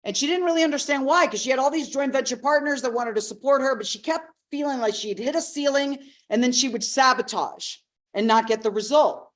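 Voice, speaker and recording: A woman with a high voice teaches a live masterclass as a personal development coach. She talks expressively to her audience. She acts out what people said and slows down to stress key ideas.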